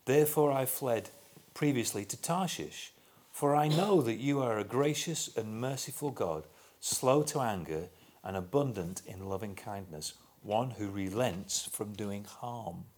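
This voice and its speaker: A man preaching a sermon, talking through scripture in an unhurried, reflective way and reading verses aloud with emphasis. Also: on the low side, expressive, a little mellow, a little hiss or hum.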